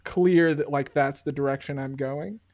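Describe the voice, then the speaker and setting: A man talking as a player in a tabletop role-playing game, laughing often and shouting his character's lines. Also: fairly high pitch, steady tone, moderate pace.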